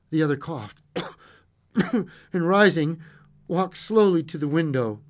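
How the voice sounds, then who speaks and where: A man narrating a classic short story aloud in an expressive way, with occasional stumbles and chuckles. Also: fairly high pitch, measured pace, pauses often.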